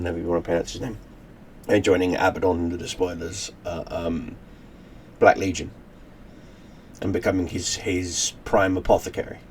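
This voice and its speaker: The man's low voice comes with a slight hiss or hum in the background. As host of his channel, he rambles through a casual recap of his own story for the camera, often restarting and using fillers.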